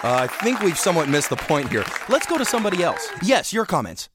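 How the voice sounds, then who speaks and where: A man voicing a calm talk-show host in a cartoon, mild and gently bewildered. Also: sits high, quick pace, a loud crowd, heavy background noise.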